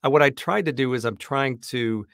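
A man who works as a voice actor, talking easygoing in a casual interview from his home studio on a boom-arm microphone. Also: brisk, gravelly, a bit bright, no echo. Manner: easygoing, dry self-deprecating humor. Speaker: voice actor and audiobook narrator guest.

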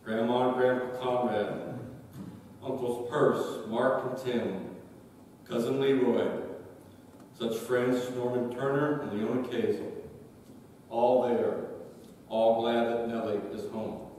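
A man reads a memorial tribute to his mother at a very slow, measured pace. His voice is of middling pitch. It echoes through a large hall, picked up from a distance with light hiss. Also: fairly even intonation, a little mellow. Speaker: family member reading a tribute. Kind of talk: memorial eulogy.

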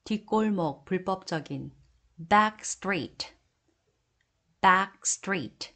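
Woman slowly reading English word pairs. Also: mid-range voice, a bit bright. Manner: slow deliberate repetition of each English phrase. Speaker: English vocabulary teacher. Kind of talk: word list reading, Korean then English repeated twice.

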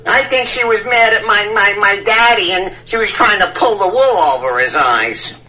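A man's voice: sits high, expressive, normal speed, pushed and bright, heavily acted, poor audio. A man putting on a rambling old geezer. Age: old man persona. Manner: rambling, cackling, stammering. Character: rambling 73-year-old man who mangles idioms. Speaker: scam baiter. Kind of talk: prank phone call.

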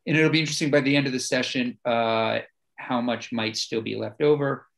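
A man chairing a legislative committee meeting, speaking in a relaxed way with lots of fillers. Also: medium pitch, a little fast, creaky, low-quality recording.

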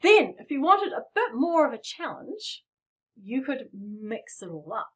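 Unhurried yet very animated, this woman has a high, slightly bright voice. She's a middle-aged piano teacher with a playful, encouraging style, walking through rhythms as she plays them, the piano sounding behind her.

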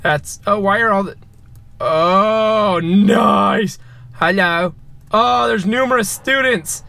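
Excitable high-voiced man playing a game. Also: slow pace, gravelly, no echo. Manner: excitable, yelps and shouts at scares; joking, talks to viewers. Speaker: gamer. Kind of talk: let's play commentary.

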